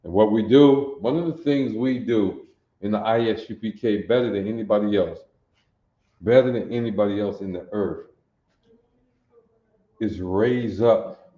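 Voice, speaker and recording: A man in his sixties teaches a language class on a livestream, folksy and addressing viewers directly, often asking if they see it. His fairly low, mellow voice moves at a measured pace with long pauses, and the audio sounds roomy with the highs cut off.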